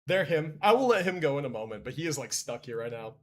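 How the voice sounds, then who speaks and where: A man's voice: fairly high pitch, very animated, fast talker. A man streaming a game live, chatting casually and animatedly and laughing often.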